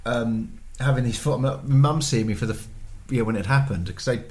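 A man's voice: medium pitch, a little fast, a little mellow. Rambling older man telling stories. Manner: rambling anecdotes full of ums and restarts. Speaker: podcast co-host, father. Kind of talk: casual family podcast chat.

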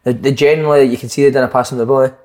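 A man's voice: mid-range voice, steady tone, rapid-fire, a loud crowd. A Scottish man in casual chat, asking questions and bantering with his mates.

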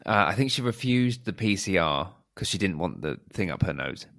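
A man with a lowish voice tells a story in a loose, conversational way. He slips into quoted lines of dialogue and laughs as he goes, keeping the tone chatty and informal. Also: moderate pace, creaky. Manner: animated, acts out quoted dialogue, laughs often. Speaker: podcast co-host, teacher. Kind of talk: casual storytelling chat.

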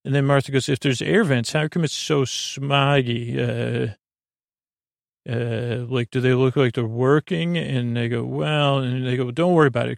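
Creaky man rambling through an episode recap. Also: medium pitch, dry recording, studio quality. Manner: rambling, halting, many uh fillers and restarts. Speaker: podcast host. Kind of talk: sleepy bedtime episode recap.

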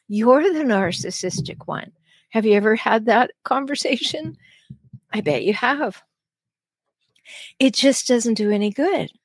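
A woman's voice: a little high, no echo. A woman hosting an advice podcast as a relationship coach, talking earnestly and stressing key phrases. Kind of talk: solo advice podcast talk.

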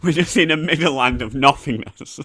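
A man's voice: a little high, normal speed, a little hiss or hum. A man co-hosting a comedy podcast, rambling and joking in casual chat. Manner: rambling, animated, jokey. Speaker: podcast co-host.

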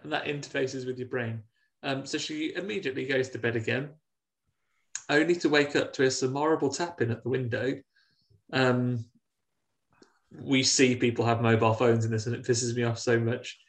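Brit podcast co-host, animated recapper who acts out the characters' lines. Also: male voice, mid-range voice, normal speed. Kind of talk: casual chat recapping a film.

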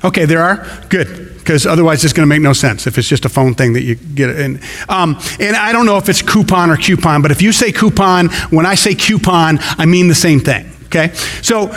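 A man's voice: on the high side, a little fast, fairly bright tone. A man preaching a sermon as pastor, in a conversational way with folksy asides. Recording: long hall reverb.

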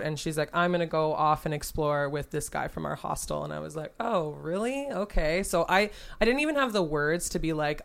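A woman telling a travel story in casual chat, animated and swearing, acting out what people said. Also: low voice. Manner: animated, swearing, acts out quotes.

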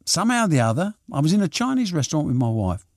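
An older man, a promoter, telling anecdotes in an interview, lively and full of restarts as he acts out what people said. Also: on the high side, racing, no room sound, clean studio sound. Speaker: boxing and snooker promoter. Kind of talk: reminiscing interview answers.

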